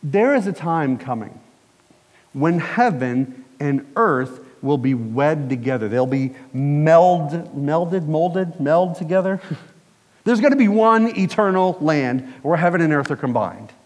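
A man's voice: a little high, lively intonation, slow pace, a little mellow, big-room sound. A man preaching a sermon as pastor, conversational and putting questions to the congregation.

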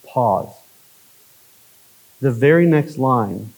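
A male pastor delivering a conversational sermon, often checking in with "right?" and swinging from emphatic lines to hushed ones. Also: fairly high pitch, expressive, unhurried, low-quality recording.

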